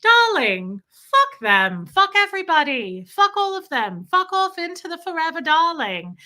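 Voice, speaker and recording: A woman's voice: very high voice, big pitch swings, measured pace, bright, forceful tone, voice pushed up, exaggerated voice. A woman putting on the voice of a classy, posh woman who swears sweetly and grandly. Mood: grandly encouraging.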